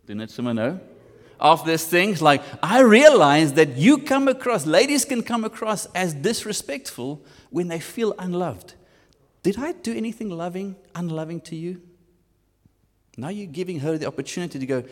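A man with a South African accent preaching a sermon, animated and switching between English and Afrikaans. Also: sits high, moderate pace, in a large hall. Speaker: pastor.

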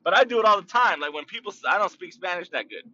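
Man, podcast host, casual rambling monologue, lots of fillers and restarts, fairly high bright voice, distant muffled recording. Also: animated. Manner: loose, drawn-out speech with many fillers and restarts.

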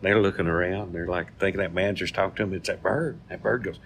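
A man's voice: sits low, steady tone, fast talker, hardly any pauses, slight background noise. A man, co-hosting a casual chat and telling jokes in a folksy way. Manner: folksy storyteller. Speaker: co-host.

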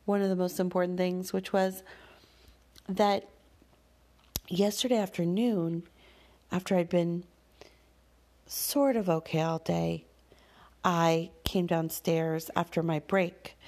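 A woman speaking as a parent, sharing a personal story in a candid, thoughtful monologue with soft fillers and sighs. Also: lowish voice, gravelly.

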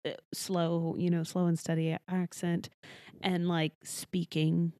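A woman from Texas in casual, chatty conversation, talking quickly and laughing often. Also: fairly low pitch, flat delivery, mellow, no echo, clean studio sound. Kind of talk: casual chat.

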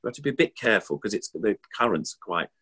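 An older puppeteer chatting about his past in a rambling, enthusiastic way. His voice sits very low with a husky grain. He fills his sentences with ums and warm exclamations. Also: lively intonation, fast talker. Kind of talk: casual reminiscing chat.

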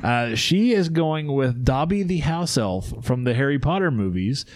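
A man's voice: mid-range voice, lively intonation, unhurried, a little mellow, no echo. A man hosting a casual podcast chat, explaining a segment and laughing often with his co-hosts. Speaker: podcast host.

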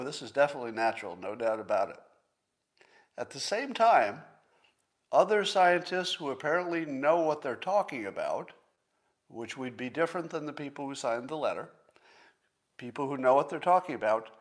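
Older man ranting with profane sarcasm. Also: medium pitch. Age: 60s. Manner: repeats points slowly for emphasis. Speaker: podcast host. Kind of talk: solo livestream commentary.

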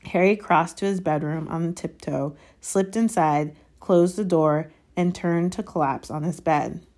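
A woman reading a novel chapter aloud in a calm, steady storytelling manner. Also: low voice, unhurried. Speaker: audiobook reader.

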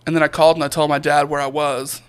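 A man's voice: on the high side, fast talker, slight background noise. A young man casually telling a story on a podcast, acting out the voices of the people in it. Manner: animated storyteller acting out quotes. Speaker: podcast co-host.

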